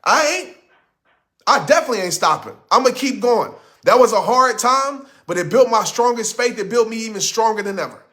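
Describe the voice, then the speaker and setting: Forceful, high-voiced motivational speaker man. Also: animated, fairly quick. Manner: emphatic, preachy, repeats lines for effect. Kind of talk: motivational speech. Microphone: studio microphone.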